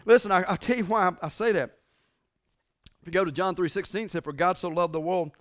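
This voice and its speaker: A man preaching a sermon as pastor, emphatic and repetitive, swinging between loud declarations and hushed lines. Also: high voice, fairly quick.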